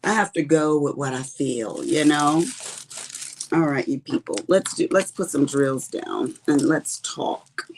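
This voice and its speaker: A woman's voice: low-pitched, unhurried, a little mellow, slight background noise. A middle-aged woman with a Texas accent, chatting casually with viewers on her crafting livestream and calling them honey and baby. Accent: Texan. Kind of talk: casual chat with viewers while diamond painting.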